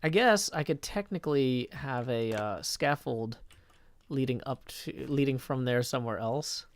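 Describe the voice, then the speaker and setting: A man chatting casually on a live stream, reading viewer messages aloud and thinking out loud as he goes. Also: mid-range voice, a little slow, no room sound.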